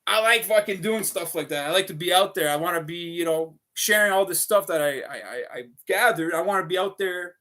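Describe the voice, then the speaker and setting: A man talks straight to his viewers in a loose, rambling livestream. His voice sits a bit high with a sharp, bright edge. He curses freely and strings thoughts together with constant fillers. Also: brisk, hardly any pauses. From Canada. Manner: profane, restless, full of fillers.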